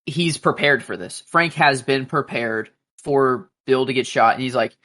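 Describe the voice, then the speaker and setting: A man's voice: medium pitch, measured pace, bright, forceful tone. Rambling man in casual podcast chat. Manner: loose and rambling, many fillers. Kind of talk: casual show recap chat.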